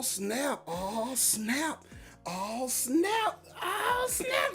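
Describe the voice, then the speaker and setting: Man hosting a casual morning livestream, hyped and encouraging, reading viewer comments aloud. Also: extremely high pitch. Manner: hyped, upbeat encouraging talk; loose and repetitive, with restarts and catchphrases. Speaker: livestream host.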